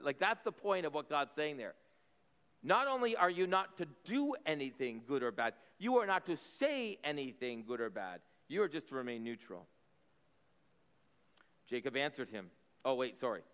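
A man's voice: fairly high pitch, animated, normal speed, a bit bright. A man preaching a sermon, reading scripture aloud and breaking in with conversational, explanatory asides. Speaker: pastor. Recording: echoey hall reverb.

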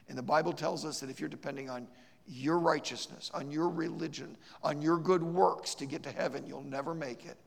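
Gravelly preacher in a reverberant church. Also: male voice, on the high side, fairly even intonation, a little fast. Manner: emphatic, repeats words in restarts, storytelling. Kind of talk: sermon. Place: church sanctuary.

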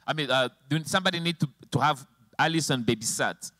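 A man's voice: fairly high pitch, quick pace, pushed and bright, no room sound. Emotional male preacher, dry sound. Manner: emotional storytelling, voice rising and falling sharply. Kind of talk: sermon with personal testimony. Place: church with slides and a helper at the computer.

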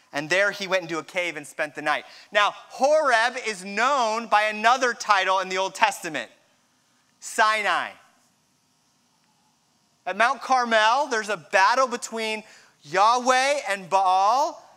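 A man preaching a sermon, retelling a scripture story with dramatic pauses and a hushed drop near the end. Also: sits high, clean tone. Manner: storytelling, dramatic drops to a hush.

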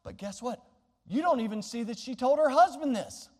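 A pastor delivers a sermon with a strikingly high-pitched voice, telling the story with animated rhetorical questions. His words ring out through a hall with a long, trailing reverb. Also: moderate pace.

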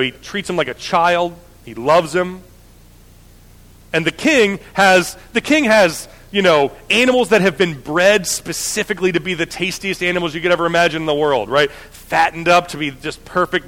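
A man preaching a sermon, telling the story in a lively, conversational way with frequent restarts. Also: high voice, in a large hall.

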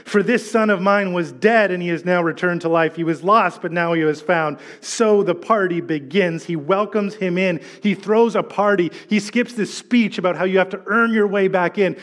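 A middle-aged male pastor giving a sermon, telling a story with animated delivery and acted-out quotes. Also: sits high, normal speed, few pauses.

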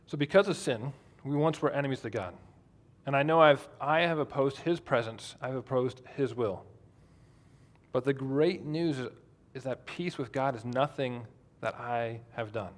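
A man's voice: mid-range voice, normal speed. A man preaching a sermon in a conversational way, asking the congregation questions. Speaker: pastor.

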